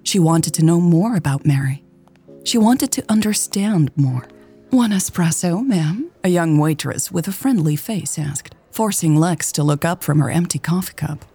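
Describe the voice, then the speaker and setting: A woman narrating a romance story in a calm, even storytelling voice. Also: low-pitched, normal speed, breathy edge, soft background music. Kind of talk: scripted audiobook narration.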